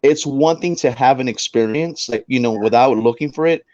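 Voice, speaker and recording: A man's voice: medium pitch, moderate pace, dry recording, muffled recording. A man, a paranormal investigator, telling a story on a talk show, with lots of restarts. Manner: animated storyteller with many restarts.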